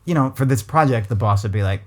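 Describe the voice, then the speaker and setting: A man's voice: mid-range voice, expressive, fast talker. An American man hosting a podcast, talking casually with frequent hesitations and restarts. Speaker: podcast host. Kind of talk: casual conversation.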